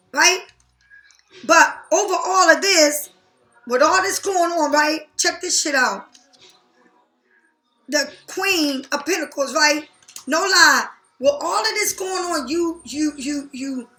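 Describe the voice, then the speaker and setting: High, bright woman tarot reader, blunt and profane, echoey room. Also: a little slow. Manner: blunt, profane, animated, talks straight to the viewer. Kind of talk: casual tarot reading to camera.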